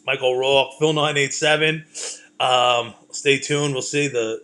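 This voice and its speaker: A man's voice: mid-range voice, fairly bright tone. A man, a comedian and host, talking in a loose, rambling monologue full of swearing and self-deprecating jokes. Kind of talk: casual monologue.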